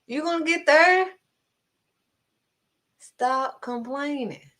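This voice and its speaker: Woman, fairly high voice, informal devotional talk, emphatic, scolding, blunt. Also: slow pace, sharp tone. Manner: emphatic and scolding, punctuates points with "period"; informal, conversational preaching. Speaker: preacher. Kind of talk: spoken devotional message.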